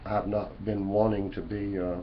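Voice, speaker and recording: A man with a fairly low voice rambles through a preachy, folksy monologue to his webcam. The audio is dull and lo-fi, with faint room noise behind him. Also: flat delivery, normal speed. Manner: folksy, preachy, repeats "you know" and "man". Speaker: vlogger. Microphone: webcam mic.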